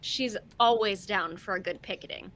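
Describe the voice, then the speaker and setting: A woman's voice: medium pitch, normal speed, a bit bright. A woman playing a tabletop role-playing game over an online call, describing her character's actions in a rambling, hesitant way. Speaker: player. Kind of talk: tabletop role-play chat.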